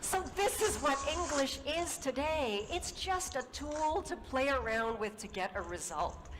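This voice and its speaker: A woman giving a conference-style talk, telling an anecdote in an animated way and imitating the people in her story. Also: sits high, unhurried. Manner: animated, puts on accented voices for quoted people. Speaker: conference speaker. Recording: hall reverb and noisy talk recording.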